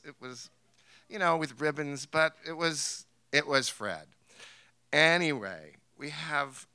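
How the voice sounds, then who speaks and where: On a theater stage, a New Hampshire man shares a family story with a live audience, wry and amused and laughing as he goes. His voice is mid-range with a sharp tone.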